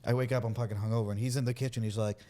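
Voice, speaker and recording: A man's voice: mid-range voice, steady tone, racing. A man with a Boston accent telling crude, laughing stories in casual chat. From Massachusetts. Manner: crude, laughing storyteller, loud when mimicking. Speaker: podcast co-host.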